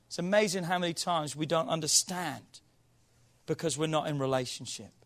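A man's voice: fairly high pitch, normal speed, fairly bright tone. A man preaching to his congregation. He quizzes the room playfully, reads scripture and builds to emphatic, rising appeals. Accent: non-local accent. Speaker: pastor. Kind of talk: sermon. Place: church hall with congregation.

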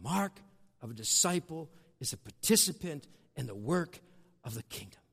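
A man preaching a sermon, swinging between loud, drawn-out emphasis and hushed asides. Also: a little high, very animated, gravelly, husky. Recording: long hall reverb.

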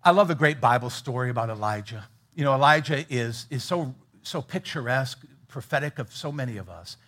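A middle-aged man preaching a sermon, earnest, moving between loud emphatic bursts and quiet, low asides. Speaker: pastor.

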